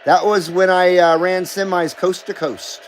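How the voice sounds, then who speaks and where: Middle-aged guy hosting a live stream, pretty high voice, reads chat out loud and riffs, cusses a lot, faint hum behind him. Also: flat delivery, a little slow, low-quality recording. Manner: reads viewer comments aloud and banters, swears freely. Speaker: livestream host.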